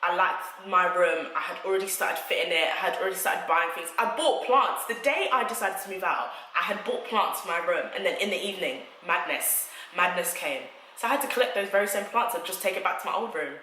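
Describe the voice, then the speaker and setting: A young woman tells a story to camera, chatty and animated. Her voice is bright and forceful. The recording has noticeable room echo. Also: fairly low pitch, fairly quick, few pauses, a little hiss or hum. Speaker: vlogger. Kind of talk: storytime vlog.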